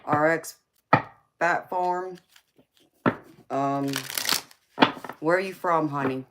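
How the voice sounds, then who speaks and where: Southern woman, low voice, slow drawl, sassy and teasing, livestream tarot chat, loud background noise. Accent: Southern American. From Southern United States. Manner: sassy, teasing, laughs often, calls viewers honey and baby. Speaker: tarot reader and livestream host.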